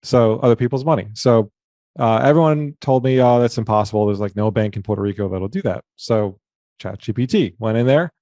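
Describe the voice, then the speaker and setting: A man speaking as a guest in a casual business talk, relaxed, thinking aloud and often adding "right?". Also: mid-range voice, fairly quick, dry recording.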